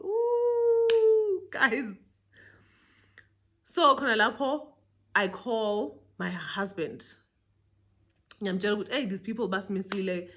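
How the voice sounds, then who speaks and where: A young woman with a South African accent tells a personal story to her viewers. Her pitch sits in a middle range, and she keeps the telling lively. She mixes Zulu phrases into her English. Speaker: vlogger. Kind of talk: storytime vlog.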